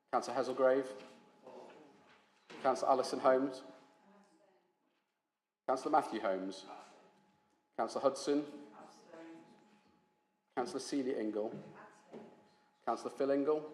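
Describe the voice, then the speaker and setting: A man working as a council officer, calling a roll-call vote name by name in a steady, brisk, formal way. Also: mid-range voice. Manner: steady, brisk reading of names. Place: council chamber. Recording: echoey council chamber.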